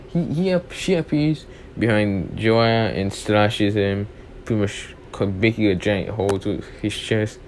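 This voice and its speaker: Speaking on the low side with a darkish tone, a young man improvises his retelling of a fan story. It's a rambling account full of restarts, with "pretty much" and "and stuff" cropping up again and again, over faint background noise.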